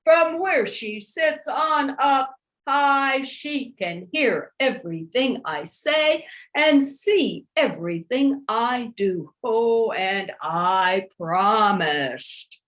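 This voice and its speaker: A woman voicing a hungry male bear in a storybook tale, speaking slowly and loudly. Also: fairly high pitch, animated, exaggerated voice. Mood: alarmed. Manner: slow, drawn-out, loud. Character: hungry big male bear, slow-witted.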